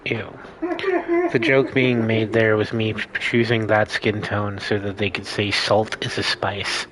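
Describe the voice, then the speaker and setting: A man's voice: fairly low pitch, level tone, a little slow, background noise. A man hosting a casual let's play, rambling and explaining his choices as he thinks aloud. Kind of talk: casual gameplay commentary.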